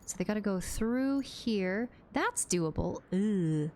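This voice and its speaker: Lively, giggly woman streamer. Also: mid-range voice, slow. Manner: playful, giggly, talks to chat while playing. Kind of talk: casual live-stream gaming chat.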